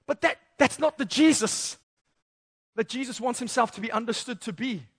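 High-voiced young man preaching to youth. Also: moderate pace, slightly rough. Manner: lively, acts out Bible characters in slangy voices. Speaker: youth pastor. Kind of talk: sermon.

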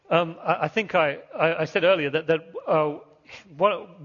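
Pastor preaching in an echoing hall. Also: male voice, on the high side. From England. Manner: conversational, repeats and restarts words often. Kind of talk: sermon with personal stories. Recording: muffled sound with long hall reverb.

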